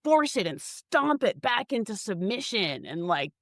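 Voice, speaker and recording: A woman's voice: mid-range voice, very animated, a little slow, fairly bright tone, dry recording, clean studio sound. A woman co-hosting a casual podcast, talking earnestly and reflectively with frequent restarts. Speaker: podcast co-host.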